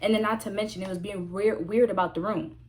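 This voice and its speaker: A woman vlogger telling a story in a casual, animated way, full of slang and emphatic repeats. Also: mid-range voice, quick pace.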